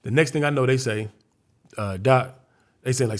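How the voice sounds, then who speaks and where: A man's voice: medium pitch, normal speed. A man from Chicago, a guest comedian, telling a story in a casual interview, acting out scenes and voices vividly.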